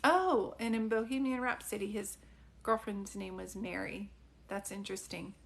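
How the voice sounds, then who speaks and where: A woman's voice: mid-range voice, moderate pace, gravelly, a little hiss or hum. A middle-aged woman, a psychic medium, giving a chatty live-stream reading, full of fillers, questions and laughs.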